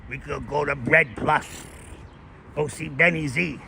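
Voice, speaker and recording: A man imitating a gruff local Brooklyn man, in a lower, drawn-out voice as he touts neighborhood spots. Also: pushed and bright, a little hiss or hum, exaggerated voice. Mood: boastful. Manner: lower, slower, exaggerated drawl.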